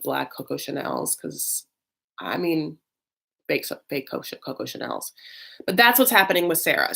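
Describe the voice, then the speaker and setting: A woman's voice: sits low, fairly bright tone. A woman giving a sassy, gossipy recap of a reality TV episode, full of "like" and "honey". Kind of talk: casual recap commentary.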